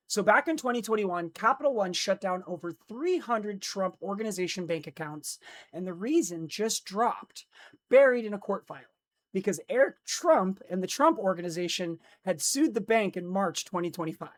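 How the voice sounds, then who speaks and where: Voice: mid-range voice, animated, normal speed. Groggy streamer, restarting flubbed lines. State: drowsy, just woken up. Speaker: livestream host reading news. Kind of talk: casual livestream chat and news read-out. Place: indoor streaming setup in Los Angeles. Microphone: streaming mic with noise cancellation.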